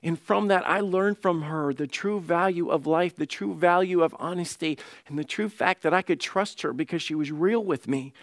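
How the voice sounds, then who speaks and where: A middle-aged man delivers a sermon from the pulpit in a slightly high voice. He is earnest and restarts often, repeating words as he goes. The sound is dry and close. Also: normal speed, few pauses, dry recording. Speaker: pastor.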